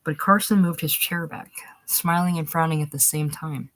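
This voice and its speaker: A woman narrating a short story aloud, steady, going back to fix small slips. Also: low voice, moderate pace. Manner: steady reading, restarts after slips. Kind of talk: audiobook reading of a short story.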